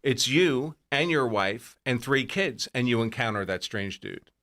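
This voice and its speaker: A man's voice: medium pitch, lively intonation, a little slow, fairly bright tone. A man speaking as a guest on a political panel podcast, arguing with rhetorical questions. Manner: argumentative, poses rhetorical questions.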